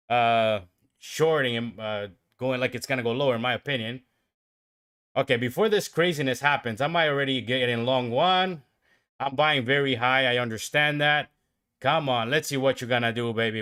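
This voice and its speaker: On his stream, this day trader gives live commentary on the market, chatting to viewers and muttering to himself. His mid-range voice swings from steady explanation to bursts of excitement.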